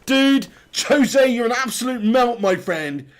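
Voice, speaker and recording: This man's voice is very high and expressive, and he talks slowly despite a sore throat. He hosts a live football watch-along, reading viewer messages aloud, bantering with them, and laughing often as he goes through the stream chat.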